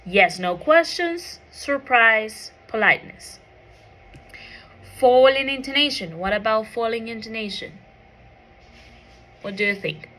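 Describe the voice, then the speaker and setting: Woman teacher running a pronunciation lesson, talks slow, bright tense voice, keeps asking the class okay?. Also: a little high, animated. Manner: asks the class questions, often checks with "okay?".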